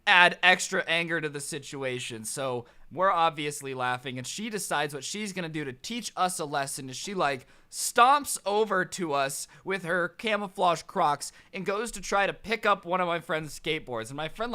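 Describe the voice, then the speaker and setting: A young man tells a story to his channel in a casual, sarcastic way. His voice is high and bright, and he keeps the story animated. The delivery is loose and conversational. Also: smooth. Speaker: storytime vlogger.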